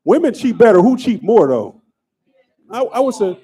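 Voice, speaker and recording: A man hosting a stand-up comedy show, doing crowd work and joking loudly between acts. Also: high voice, very animated, brisk, breathy edge. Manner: loud, laughing, banters with the crowd.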